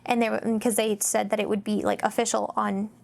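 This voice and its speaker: A woman's voice: mid-range voice, a little fast, gravelly. A woman hosting a casual faith-based vlog, telling stories in a chatty, rambling way with lots of fillers and acting out the voices she quotes. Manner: animated, acts out quoted voices. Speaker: mom vlogger, host.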